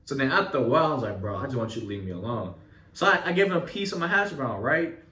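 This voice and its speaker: A young man with a medium-pitched voice casually tells a story in a loose, animated style, swearing a lot and relying on street slang. He's seated back from the mic, so he sounds distant, and the room is echoey.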